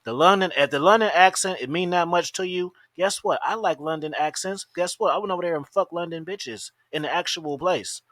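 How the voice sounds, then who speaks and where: A man in a studio podcast, talking in crude, animated, mocking banter and laughing often. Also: sits high, a little fast, hardly any pauses, no room sound. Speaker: podcast host.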